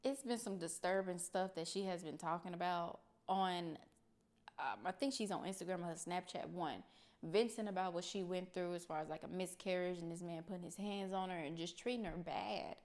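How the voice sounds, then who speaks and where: Lady doing a reaction vid, kinda low voice, earnest, talking straight to viewers. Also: moderate pace, darkish tone. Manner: earnest, speaks plainly to viewers. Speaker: reaction video host. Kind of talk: casual commentary.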